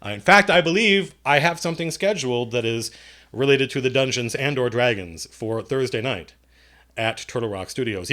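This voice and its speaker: A man's voice: medium pitch, normal speed, bright, forceful tone. A man hosting a live-stream Q&A, reading viewers' questions aloud and answering them in a loose, self-deprecating, jokey way. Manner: rambling, reads chat questions aloud and answers offhand. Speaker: streamer and game master answering chat questions.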